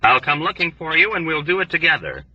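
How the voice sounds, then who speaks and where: A man voicing a wary, sardonic young airman who speaks in an urgent, hushed way. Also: fairly high pitch, very animated, fast, no echo, distant mic, highs cut off, pitched above the performer's own voice, full character voice. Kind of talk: audiobook character voice.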